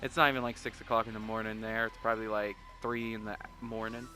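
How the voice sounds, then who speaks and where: Rambling, jokey young man with a bright voice. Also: on the low side, level tone, fast, faint music behind. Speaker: gaming commentator. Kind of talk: let's play commentary.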